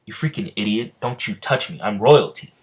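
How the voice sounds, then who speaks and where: A man's voice: on the low side, animated, moderate pace, slightly rough. A man voicing a bossy, haughty young royal girl mage who talks in an indignant, whiny way.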